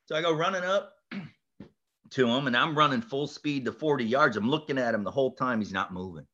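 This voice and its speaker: A man telling a story as a podcast guest, lively, acting out the voices and shouting the punchlines. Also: medium pitch, normal speed, dull audio. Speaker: podcast guest, golf instructor. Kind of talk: animated storytelling.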